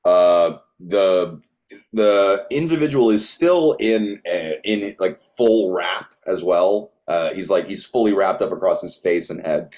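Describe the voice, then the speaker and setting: A man narrates a tabletop role-playing game as game master. His voice is very low and his delivery relaxed and halting. He often pauses to search for words. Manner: relaxed, many fillers and restarts.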